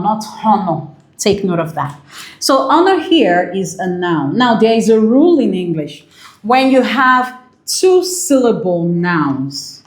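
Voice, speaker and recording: A woman's voice: fairly high pitch, echoey room. A woman teaching an exam-prep English lesson, repeating key points and checking in with "okay?".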